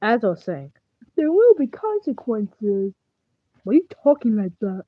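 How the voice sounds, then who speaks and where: A woman voicing a menacing evil male hedgehog villain in a fan roleplay video, making low, slow threats. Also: animated, dry recording, narrow, tinny audio, close to an everyday voice.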